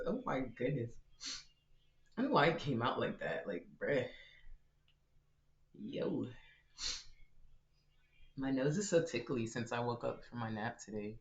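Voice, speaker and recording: A man's voice: mid-range voice, lively intonation, measured pace, long pauses. Chatty, giggly man streaming a game. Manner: chatty, giggly, talks to viewers as y'all. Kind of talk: casual live-stream chat while gaming. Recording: roomy, slightly dull live-stream audio.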